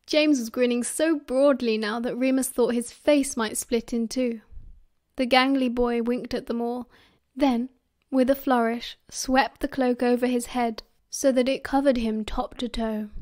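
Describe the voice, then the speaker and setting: A young woman with a British accent reads the story aloud, pitching her voice a touch high. She leans into each character's lines with lively, animated voices as she narrates. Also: normal speed. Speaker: audiobook narrator. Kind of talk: fan audiobook reading.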